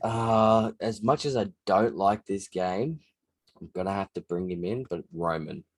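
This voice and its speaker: A man co-hosting a podcast in animated, sweary casual chat. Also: low voice, a little slow, no echo. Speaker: podcast co-host.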